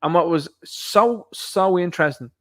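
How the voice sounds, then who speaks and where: A man's voice: high voice, unhurried. Ranting man, raised voice. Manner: ranting, mocking, acts out quotes. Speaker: podcast host. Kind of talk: opinion commentary monologue.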